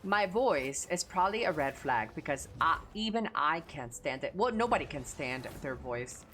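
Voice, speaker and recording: A woman's voice: deep voice, animated, moderate pace, fairly bright tone, slight background noise. A woman streamer with a Chicano English accent, chatting casually, blunt and profane.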